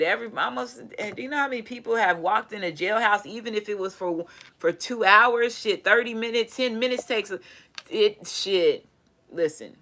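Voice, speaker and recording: A woman doing a casual tarot reading, talking in an animated, profane way. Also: medium pitch. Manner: animated, profane, laughing asides. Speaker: tarot reader.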